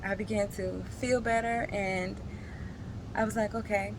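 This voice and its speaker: A woman and single parent, slowly sharing a personal emotional story in a reflective vlog, tearful at times. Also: mid-range voice, steady tone, a little hiss or hum, rough recording. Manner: slow, halting, emotional storytelling.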